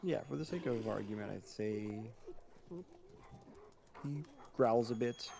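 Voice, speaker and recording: A man narrating as game master, describing scenes in a relaxed way with frequent restarts. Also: medium pitch, a little slow, creaky, background noise.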